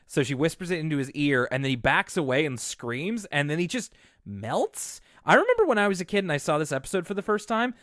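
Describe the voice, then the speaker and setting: A man's voice: a little high, sing-song, a little fast, hardly any pauses, a bit bright, no echo, clean studio sound. A young man co-hosting a casual podcast, chattily recapping a cartoon episode and acting out the lines. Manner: chatty, laughs easily, acts out quotes. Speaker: podcast co-host.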